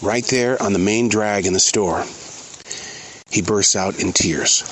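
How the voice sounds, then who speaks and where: A middle-aged man hosting his own show, speaking in an earnest, halting, reflective way while out in a forest. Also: on the low side, a bit bright, a little hiss or hum, low-quality recording. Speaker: podcast host. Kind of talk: reflective spoken monologue. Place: outdoors in a forest.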